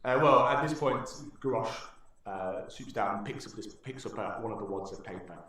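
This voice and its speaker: A man's voice: fairly low pitch, moderate pace. A man narrating a tabletop game as dungeon master, telling the story with lots of fillers. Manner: animated storytelling, many fillers and restarts. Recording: echoey room.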